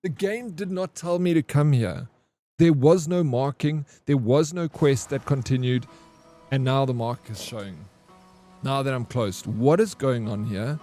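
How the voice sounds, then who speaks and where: A young man chats loosely with his live-stream viewers as he plays, dropping slang and thinking out loud. His voice is warm and mellow, sitting at an ordinary pitch. Faint game music plays behind him. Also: measured pace. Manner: laid-back, chatty, slangy, talks to chat and to himself. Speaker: gaming streamer. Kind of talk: casual live-stream chat while playing.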